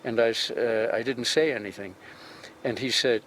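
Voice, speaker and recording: Czech guy in his 70s, english w/ accent, earnest testimony, middling pitch. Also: moderate pace, a bit bright, a little hiss or hum. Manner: earnest, retells with quoted dialogue. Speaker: interviewee. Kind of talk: personal testimony.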